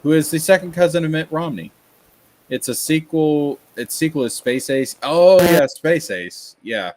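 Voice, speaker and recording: A man's voice: on the high side, lively intonation, a little slow, a little mellow. A man from Tennessee, chatting casually on a livestream, ranting and reading chat aloud. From Tennessee, USA. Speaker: streamer.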